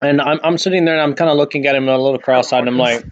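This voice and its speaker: Halting man playing a tabletop game. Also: medium pitch, fairly even intonation, highs cut off. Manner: halting, plain-spoken. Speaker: player. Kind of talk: casual tabletop play.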